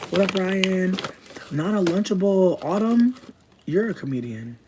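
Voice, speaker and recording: A woman chatting casually with her livestream viewers, cursing constantly and jumping into high squeals. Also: animated, normal speed, pauses often, noisy background.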